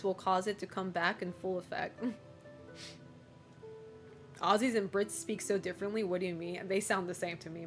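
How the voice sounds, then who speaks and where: A woman streamer chatting casually with her live chat, teasing viewers, swearing freely, and laughing often. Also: mid-range voice.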